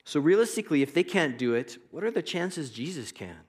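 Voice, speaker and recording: A man's voice: fairly high pitch, very animated, brisk, husky. A man giving a devotional Bible teaching in an earnest, reflective and conversational way. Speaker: preacher.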